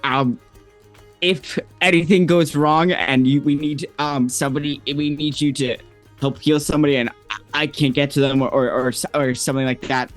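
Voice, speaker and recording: A man's voice: on the high side, fairly even intonation, moderate pace, soft background music, close to an everyday voice. A man doing a nervous, stammering healer. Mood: hesitant. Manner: hesitant, stammering. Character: nervous, awkward young male healer.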